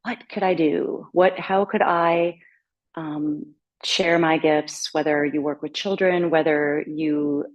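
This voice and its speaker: Woman presenter, low voice, earnest and casual, hesitant fillers. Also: fairly even intonation, slow, dull audio. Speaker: conference presenter.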